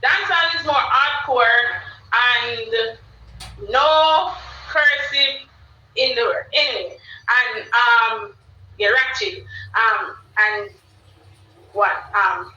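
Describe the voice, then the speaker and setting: Speaking slowly with frequent pauses, a Jamaican woman runs a live stream in a fairly high, pushed, bright voice. She rambles in a loose, chatty way, repeating herself and calling to the chat. The recording is dull-sounding, roomy, and distant.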